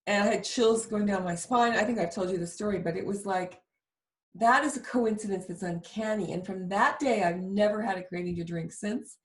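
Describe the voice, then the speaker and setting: A woman's voice: mid-range voice, moderate pace. Woman telling a confessional story, echoey room. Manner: emotional, vivid confessional storytelling. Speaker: show host. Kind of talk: candid storytelling chat.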